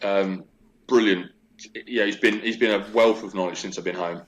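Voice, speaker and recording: Brief: man in his forties, low voice, chatty and animated storyteller, casual interview guest. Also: moderate pace, a little hiss or hum.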